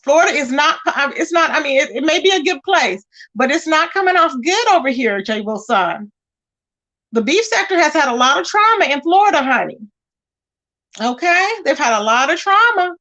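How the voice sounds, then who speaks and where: High-voiced sassy woman chatting live. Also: expressive, moderate pace, pushed and bright. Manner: chatty, sassy, greets viewers by name. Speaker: livestream host. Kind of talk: casual live chat, reading viewer comments.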